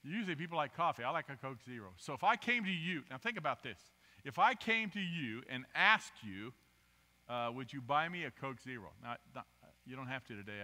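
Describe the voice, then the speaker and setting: A man preaching a guest sermon, talking with the congregation and asking them to raise their hands, shifting from quiet asides to loud, emphatic bursts. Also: medium pitch. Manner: animated, interactive with the congregation, asks for raised hands. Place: church sanctuary. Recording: long reverb of a church hall.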